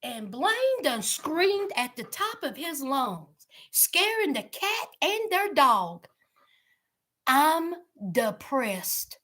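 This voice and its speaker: A woman's voice: sits high, very animated, takes it slowly, sharp tone. A woman giving a sassy, teasing reaction commentary on a reality show. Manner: sassy, drawling, teasing asides.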